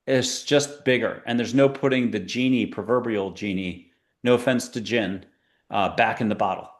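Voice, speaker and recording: A man hosting a spiritual talk show, chatting in a rambling, animated way that jumps between ideas. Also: fairly low pitch, normal speed. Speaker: podcast host.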